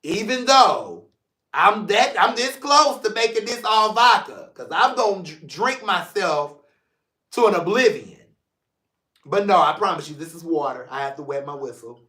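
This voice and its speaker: A man from St. Louis, Missouri, high-voiced and moderately paced, hosts his own casual livestream talk show in a reverberant room. Animated and joking, he moves back and forth between playful chatter and earnest, emotional thoughts.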